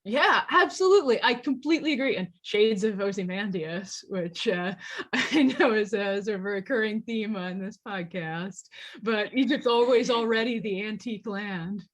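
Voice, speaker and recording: Husky-voiced woman academic explaining. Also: medium pitch, moderate pace. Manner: articulate, lecturing explanations with wry asides. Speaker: guest archaeologist and classics professor. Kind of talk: podcast interview.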